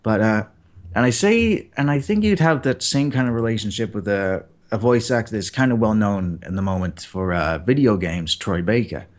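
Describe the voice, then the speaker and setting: Lower-voiced man talking animatedly about acting. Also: normal speed. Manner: animated, acts out example lines. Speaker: guest voice actor. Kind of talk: casual interview chat.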